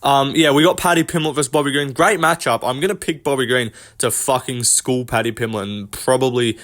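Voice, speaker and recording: A man's voice: medium pitch, a little fast, a bit bright. A man giving casual, blunt fight predictions as host, opinionated and profane, with many ums and likes.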